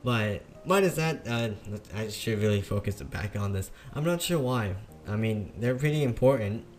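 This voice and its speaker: A man's voice: on the low side, expressive, normal speed, darkish tone, faint music behind. A young man reading a visual novel aloud, stumbling over words and joking at himself. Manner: stumbling, self-mocking. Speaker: let's play narrator.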